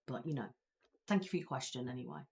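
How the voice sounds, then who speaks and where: An ASMR creator from Belfast, Northern Ireland, hosts a live stream, chatting casually with viewers and rambling with lots of fillers in her Belfast accent. Her very deep voice moves quickly, with vocal fry and a darkish tone.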